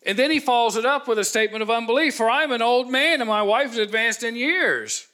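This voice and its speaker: A man delivers a sermon in a high, bright voice. He preaches dramatically, acting out the story with emphatic pauses. His tone stays vivid and energetic. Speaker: pastor.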